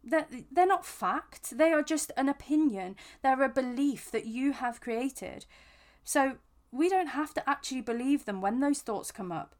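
A woman hosting a podcast, giving reflective self-help advice in an earnest, gentle way with frequent restarts. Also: sits high, lively intonation, measured pace. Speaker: podcast host.

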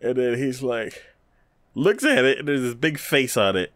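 A man co-hosting a casual chat, retelling an episode with frequent laughter and quick acted-out lines. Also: mid-range voice, dry recording. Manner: animated retelling, laughs often, acts out scenes in quick voices. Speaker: podcast co-host reviewing anime.

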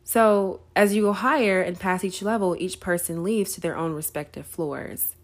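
Lively storytelling woman, faith podcast. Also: fairly low pitch, normal speed. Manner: conversational, storytelling, laughs often, says "right?" a lot. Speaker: podcast host. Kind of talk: casual faith talk.

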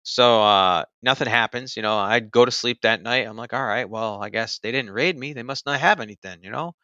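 A man's voice: medium pitch, fairly quick, sharp tone, dry recording, lo-fi sound. A man casually recounting something that happened to him, in a loose conversational way full of fillers. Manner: loose and conversational, many fillers like "like" and "you know". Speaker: storyteller recounting own experience. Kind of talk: casual personal storytelling.

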